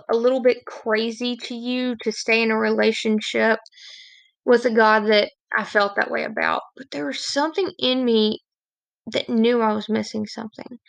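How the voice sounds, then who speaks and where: A woman's voice: on the high side, gravelly, fairly bright tone, clean tone, no room sound. A woman giving a candid, confessional devotional talk as a Christian speaker, sharing her own testimony with a bit of self-deprecating humor.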